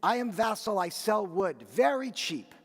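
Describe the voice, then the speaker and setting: A man's voice: high voice, sing-song, a little slow, big-room sound, voice pushed up, exaggerated voice. A man voicing a humble rabbi disguised as a peasant woodseller, talking in a strange rustic way in a storytelling sermon. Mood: earnest.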